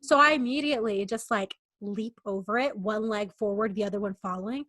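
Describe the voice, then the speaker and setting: A woman's voice: mid-range voice, fairly quick, fairly bright tone, no echo. A young adult woman co-hosting a podcast, telling a rambling, self-mocking story in a casual chat. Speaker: podcast co-host.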